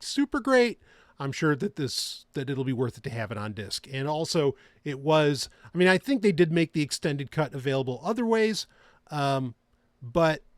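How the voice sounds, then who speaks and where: A man's voice: mid-range voice, no room sound, studio quality. A man hosting a podcast in casual chat, rambling with many restarts and frequent laughter. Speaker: podcast host.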